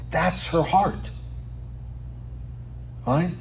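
A man delivering a sermon in a fairly high voice, lively and conversational. He keeps asking the listeners questions and tags his points with "right?". For emphasis he sometimes drops to a near whisper. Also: unhurried, a little hiss or hum. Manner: animated, rhetorical questions, many "right?" asides, drops to quiet for emphasis. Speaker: pastor.

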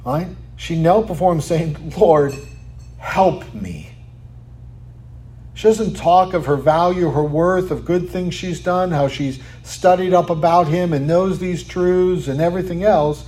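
A man preaching a sermon, asking rhetorical questions and tagging lines with "right?", sometimes dropping to a quiet, almost whispered tone for emphasis. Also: sits high, moderate pace, hardly any pauses. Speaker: pastor.

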